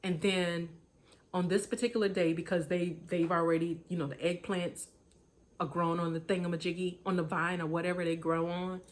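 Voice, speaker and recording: A woman's voice: on the low side, flat delivery, normal speed. Emphatic woman preaching motivation. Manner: emphatic, repetitive, colloquial, chuckles. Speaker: motivational speaker.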